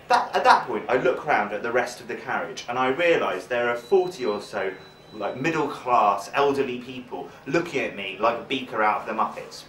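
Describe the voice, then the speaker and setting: Animated young stand-up comedian. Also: male voice, medium pitch, a little hiss or hum. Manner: animated, self-mocking storytelling that jumps between voices. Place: comedy stage. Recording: roomy stage sound from a distant mic.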